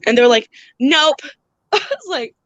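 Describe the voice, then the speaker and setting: A woman's voice: on the high side, moderate pace, no room sound, lo-fi sound. A woman hosting a casual live-stream chat, venting with a lot of swearing and bursts of laughter. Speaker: channel host.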